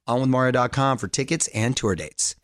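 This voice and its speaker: Energetic male radio host, dry studio sound. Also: medium pitch, fairly quick, dry recording. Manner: energetic, playful, joking. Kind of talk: upbeat radio show hosting. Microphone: studio microphone.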